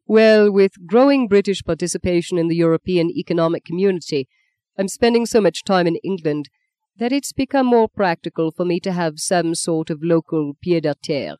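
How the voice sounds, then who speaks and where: A reader voicing Rain, a measured, wry German politician, in an audiobook. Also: clean tone, dry recording, lightly acted. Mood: amused. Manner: low, measured and soft-spoken. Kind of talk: audiobook character voice.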